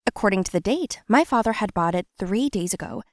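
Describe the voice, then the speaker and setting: A young adult woman narrates a scripted first-person story in a plain, steady manner. Her voice sits at a middle pitch, and the recording is dry and close with no room sound. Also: fairly quick, no echo.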